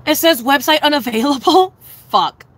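A young woman livestreaming and answering her chat, swearing freely and laughing a lot. Her voice swoops up and down all the time and has a bright, tense edge. She stays loose and chatty throughout. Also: sits high, animated, moderate pace, a little hiss or hum, low-quality recording. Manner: profane, giggly, blunt and chatty.

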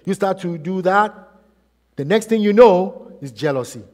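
A man's voice: sits high, lively intonation, moderate pace. Preaching man in a reverberant church. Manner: preaching with rhetorical questions, swinging between loud and soft. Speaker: pastor. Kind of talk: sermon.

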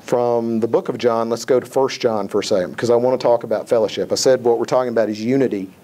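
Male pastor, sermon, mellow warm voice, emphatic, repeats phrases, quotes scripture. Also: mid-range voice, steady tone, quick pace.

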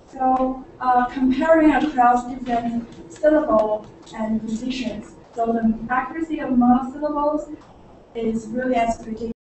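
Woman presenting in an echoey lecture room. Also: fairly high pitch. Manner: hesitant, many fillers and restarts. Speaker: conference presenter. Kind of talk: academic talk presenting results. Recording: echoey room, far from the mic, noisy.

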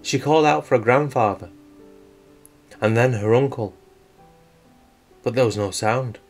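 A man telling a true-crime story as scripted narration, in a measured, suspenseful storytelling manner. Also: mid-range voice. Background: faint guitar music.

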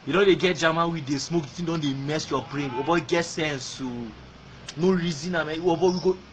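A man's voice: on the high side, steady tone, a little fast, slight background noise. A man from Nigeria with a Nigerian accent, ranting angrily in a video message, throwing insults and repeating himself while switching between Pidgin and English. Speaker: fan.

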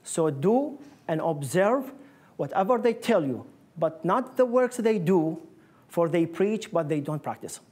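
A man's voice: a little high, animated, a little slow, a little mellow, husky. A man giving a public lecture with slides, explaining in earnest with non-native phrasing. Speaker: guest lecturer. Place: lecture room.

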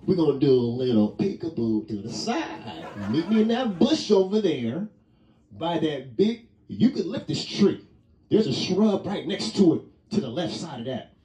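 A man voicing a smooth-talking, flirty husband who coaxes and reassures his wife playfully. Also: on the high side, sing-song, moderate pace, warm tone. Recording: roomy sound from a distant mic.

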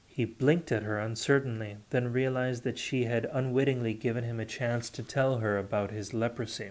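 A man reading a fantasy novel aloud unrehearsed, steady with occasional self-corrections. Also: mid-range voice, normal speed, hardly any pauses. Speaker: audiobook reader. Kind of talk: unrehearsed audiobook narration.

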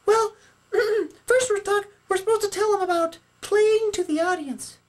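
A man's voice: very high-pitched, measured pace. A man voicing a bossy, know-it-all female puppet who lectures and scolds in a puppet skit.

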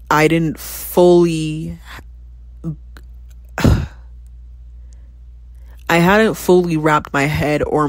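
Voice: medium pitch, no echo, studio quality. A podcast host in their twenties speaking in a candid, reflective personal monologue, breaking into sudden exclamations when recalling past conversations. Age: 20s.

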